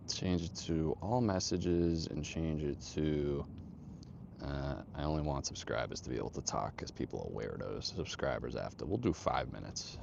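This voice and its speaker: A man's voice: extremely low pitch, gravelly, a little mellow, lo-fi sound, a little hiss or hum. A young man hosting a casual outdoor livestream, greeting viewers in laid-back slang. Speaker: livestream host. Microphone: phone on tripod.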